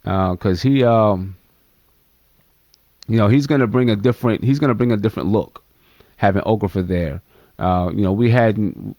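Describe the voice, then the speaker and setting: A man with a fairly low voice hosts a live postgame fan stream, talking straight to his viewers in an easy, chatty way. He is picked up close on a dry computer mic with no room sound. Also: a little mellow, dry recording. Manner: chatty, addresses viewers directly. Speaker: fan livestream host. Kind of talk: live postgame basketball talk.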